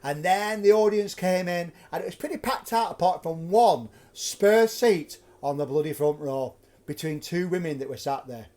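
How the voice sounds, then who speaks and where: Guy spinning a ghost tale from his flat, chatty and animated, pretty high voice. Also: normal speed. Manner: chatty, animated storyteller, laughs often. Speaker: host and ghost storyteller. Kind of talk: live-streamed storytelling. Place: flat at home.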